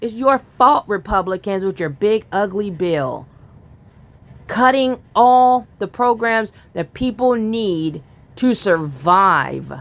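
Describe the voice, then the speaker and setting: A woman angrily reading news aloud and ranting about it in a profane political vlog commentary. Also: medium pitch. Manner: furious, profane, reads news aloud then rants.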